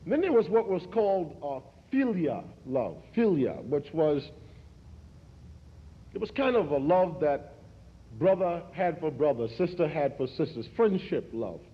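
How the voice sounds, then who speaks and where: A man in his forties from New York, giving a speech in a preacher's rhythmic cadence that repeats words and climbs in pitch. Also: very animated, measured pace. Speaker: speaker at a commemoration. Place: large hall. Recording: echoey hall, dull archival recording.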